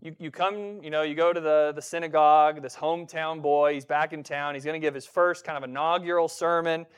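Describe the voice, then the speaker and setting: A man's voice: a little high, steady tone, fairly quick, smooth. A man preaching a sermon in a conversational way, often restarting words and acting out quoted voices. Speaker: pastor.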